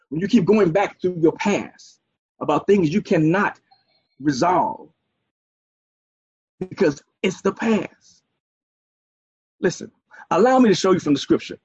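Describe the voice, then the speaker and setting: A man's voice: sits high, animated, measured pace, pauses often, darkish tone, breathy edge, no room sound. A man preaching a sermon, using folksy asides and a string of "okay"s. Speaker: pastor. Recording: dull, dry, muffled sound.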